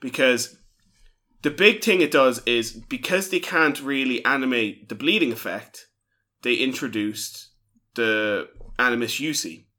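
A man co-hosting a podcast in casual chat, with a bright, forceful voice. He explains things at length and drops swear words for emphasis. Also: mid-range voice, unhurried. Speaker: podcast co-host.

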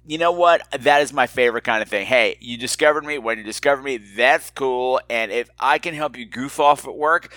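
A man hosts his podcast in a bright, forceful voice. He is campy, flirty and self-mocking as he riffs and reads listener emails. The recording is dry and close, with no room sound. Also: medium pitch, fairly quick, few pauses, no echo. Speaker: podcast host. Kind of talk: casual solo podcast chat.

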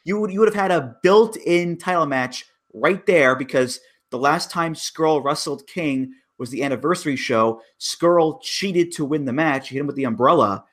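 A man's voice: on the high side, moderate pace, few pauses, fairly bright tone. A man co-hosting a casual wrestling chat, making emphatic arguments about storylines. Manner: emphatic, breaks down booking logic.

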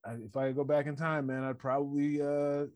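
A man's voice: fairly high pitch, completely flat delivery, brisk, a little mellow, no echo. A man in casual chat, animatedly retelling a story, acting out quotes and swearing freely between laughs.

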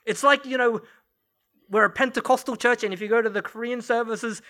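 Bright-voiced male pastor preaching. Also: very high voice, fairly even intonation, a little fast. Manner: conversational, storytelling with light laughs. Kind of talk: sermon. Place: church service.

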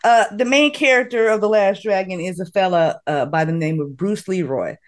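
A woman hosting a casual podcast chat, summarizing a movie in a playful, animated way with frequent laughs. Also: medium pitch, normal speed. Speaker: podcast host.

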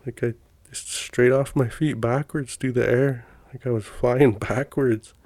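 A man's voice: medium pitch, fairly even intonation, unhurried, a little mellow, dry recording. A middle-aged man from Montana telling personal stories in a rambling, folksy way, with many fillers and restarts. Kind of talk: casual storytelling.

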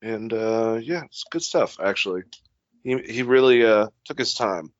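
A man's voice: fairly low pitch, lively intonation, measured pace, no echo, lo-fi sound. A young man co-hosting a casual podcast, laid-back and rambling, swearing casually. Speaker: podcast co-host.

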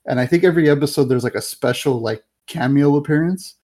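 A man's voice: a little high, fast talker, a little mellow. Rambling man retelling a comedy scene. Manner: rambling, many fillers and restarts, acts out scenes in quotes. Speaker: podcast co-host. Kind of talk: casual film-review chat.

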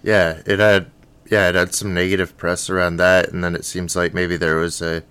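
A man co-hosting a podcast in a casual film discussion, relaxed and hesitant with ums. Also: deep voice, normal speed, clear, resonant tone. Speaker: podcast co-host.

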